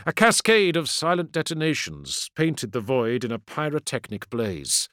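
A man's voice: mid-range voice, big pitch swings, normal speed, few pauses, a bit bright, no room sound, studio quality. A man reading a science fiction audiobook in a dramatic, vivid narration style.

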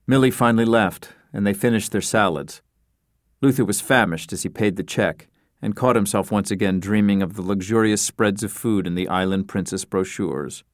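Speaking on the lower side, a man narrates an audiobook from a script, keeping his storytelling calm and even. There's no echo, and the sound is studio grade.

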